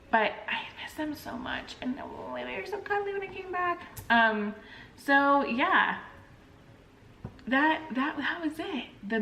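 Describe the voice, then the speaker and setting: A woman in her thirties chatting casually to camera as a vlogger, telling a story in an animated way and acting out the people in it. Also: mid-range voice. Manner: animated storyteller, acts out quoted phone calls. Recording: roomy echo, mic at a distance.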